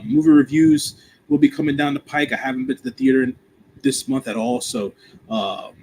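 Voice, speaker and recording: A man's voice: mid-range voice, rough recording. A man hosting a podcast talks through his social media plugs in an easygoing, meandering manner, dotted with "uh" fillers. His voice sits in a middle range, with a faint bit of noise behind him. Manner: relaxed, rambling, frequent "uh" fillers. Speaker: podcast host and movie reviewer. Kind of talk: casual self-promotion.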